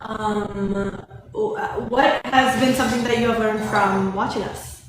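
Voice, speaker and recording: A woman's voice: mid-range voice, steady tone, measured pace. A young woman co-hosting a livestream, answering a caller with hesitant, filler-heavy chat. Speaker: livestream co-host. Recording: echoey room with faint noise.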